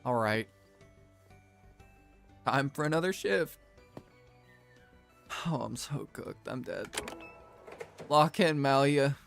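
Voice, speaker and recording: A man's voice: medium pitch, lively intonation, slow pace, gravelly, pauses often, fairly bright tone, faint music behind. A young man giving casual, jokey let's-play commentary, self-deprecating with theatrical outbursts, as a gaming video creator.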